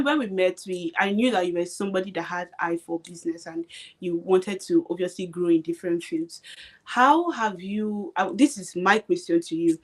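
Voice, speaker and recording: A young woman guest on a live stream, speaking emphatically and repeating her points, often checking that she is understood. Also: medium pitch. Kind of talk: motivational live-stream chat.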